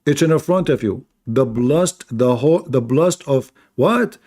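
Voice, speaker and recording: A man's voice: mid-range voice, lively intonation, takes it slowly, darkish tone. A man hosting a live online debate and talking in a sarcastic, mocking way, often laughing at his own points. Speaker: live debate show host.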